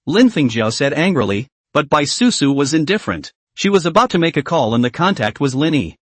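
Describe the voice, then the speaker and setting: A man reading a scripted story recap narration in a lively, expressive way. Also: fairly high pitch, a little fast, few pauses, no room sound.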